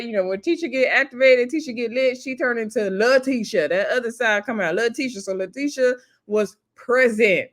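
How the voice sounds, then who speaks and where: Chatty woman recapping a reality show. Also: a little high. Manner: chatty, laughs often, acts out cast members' lines. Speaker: TV show reviewer. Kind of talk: casual recap commentary.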